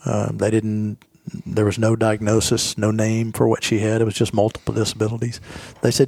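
A man's voice: on the low side, monotone, normal speed, vocal fry, few pauses, darkish tone, breathy edge, dry recording. A man in his fifties, a golf professional telling his stories as a guest in a casual interview, earnest and rambling, often repeating himself.

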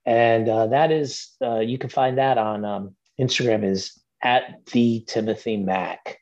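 A man's voice: mid-range voice, fairly even intonation, a little slow, darkish tone, dull audio. A man guesting on a podcast as an actor, chatting casually and rambling with plenty of fillers and restarts. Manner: easygoing, rambling with many fillers.

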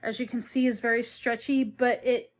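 A woman's voice: on the high side, flat delivery, moderate pace. A woman hosting a knitting podcast, chatting casually and rambling with frequent restarts and self-corrections. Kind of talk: casual chat.

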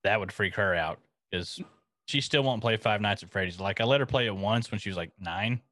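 A man's voice: lowish voice, fairly quick, bright, forceful tone, no echo. A man in playful casual chat, joking and reacting to a show. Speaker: co-host reacting to a series.

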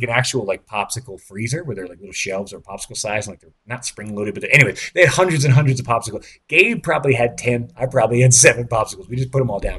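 Husky rambling man telling a story. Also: mid-range voice. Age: late 30s. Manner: rambling, excitable, swears, many fillers and restarts. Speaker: podcast host. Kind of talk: casual storytelling monologue.

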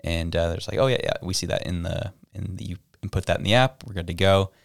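A man co-hosts a relaxed podcast chat, with a deep voice that is smooth and has a gravelly edge. He tells stories and acts out the people in them. The sound is close and dry. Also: fast talker, dry recording. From Canada. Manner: storytelling, acts out quoted people. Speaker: podcast co-host. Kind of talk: casual chat.

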